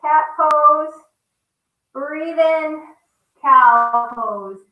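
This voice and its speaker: A woman with a high-pitched voice talks extremely slowly as she leads kids through yoga on a video call, encouraging and cheerful, addressing them directly and reading a story aloud. The recording is lo-fi, distant, and echoey.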